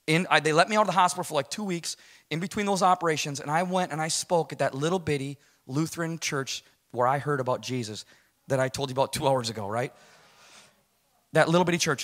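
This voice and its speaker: A man telling his personal testimony to a church audience, speaking emphatically in a loose, conversational way and checking in with "right?". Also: fairly high pitch. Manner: animated, emphatic, conversational, keeps asking "right?".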